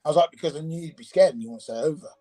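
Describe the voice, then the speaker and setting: A man casually telling a personal ghost story, animated and acting out the voices in it, with faint music behind. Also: on the high side, racing, rough recording.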